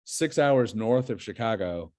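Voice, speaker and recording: A man talking casually as a podcast guest, his voice sitting a little low. He rambles through a long story with frequent fillers and restarts, speaking in loose chat. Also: expressive, measured pace, darkish tone.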